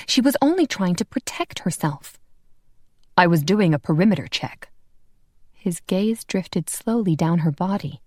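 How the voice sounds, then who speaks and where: A woman narrating a romance audiobook in an expressive, scripted style. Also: fairly low pitch, no room sound, clean studio sound. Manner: expressive, voices every character.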